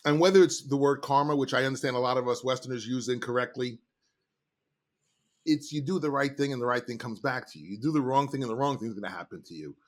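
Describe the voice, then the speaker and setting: A middle-aged man, a sales trainer, telling stories in an animated, emphatic way as a podcast guest. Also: mid-range voice, fast. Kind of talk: casual interview talk.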